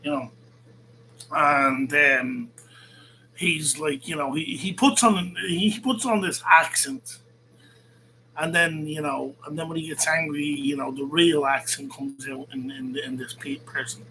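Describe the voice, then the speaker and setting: Bright, sharp-voiced angry male host. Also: a little high, measured pace, slight background noise, rough recording. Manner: combative, sarcastic, swears a lot. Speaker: host reacting to a rival's video. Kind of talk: profane heated rant.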